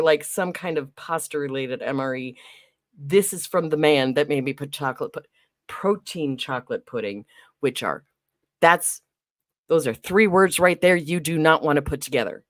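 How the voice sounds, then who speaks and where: Low-voiced woman hosting a livestream. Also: animated, moderate pace, no echo, studio quality. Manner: greets chat viewers by name, laughs often. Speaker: livestream host. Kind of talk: casual live-stream chat.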